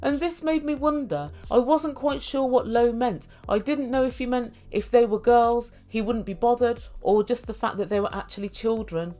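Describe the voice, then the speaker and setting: A woman's voice: fairly high pitch, moderate pace, hardly any pauses, mellow. A woman recapping a reality show, with wry, mocking asides. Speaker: reality TV reviewer. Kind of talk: sarcastic recap commentary.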